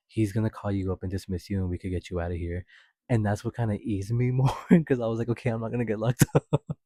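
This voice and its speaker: A man's voice: steady tone, fast, dark tone, no echo. A young man hosting a podcast, telling a personal story in a chatty, swearing way with laughs. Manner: chatty, swears often, laughs while telling, acts out quotes in a high voice. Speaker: podcast host. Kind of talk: casual storytelling.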